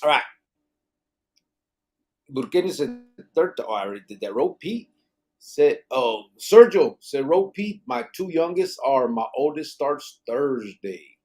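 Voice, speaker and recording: A man's voice: on the high side, sing-song, measured pace, darkish tone. A man hosting a casual live podcast, reading viewer comments aloud and dropping in Spanish slang. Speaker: podcast host.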